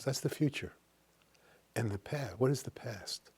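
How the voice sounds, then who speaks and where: Husky-voiced man giving a spiritual talk. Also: mid-range voice, expressive. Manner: recites verse slowly, dropping to a hushed whisper. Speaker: spiritual teacher.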